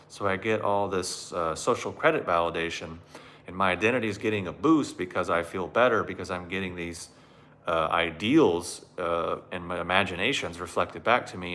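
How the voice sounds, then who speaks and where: A man's voice: deep voice, sharp tone. A man giving a sardonic monologue on spirituality and self-help, mocking it and acting out the voices he quotes.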